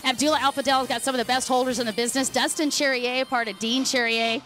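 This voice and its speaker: Fast-talking woman announcer, upbeat and chatty, fairly high voice. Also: fairly even intonation, fairly bright tone. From Dallas, Texas. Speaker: race commentator. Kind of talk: live sports commentary.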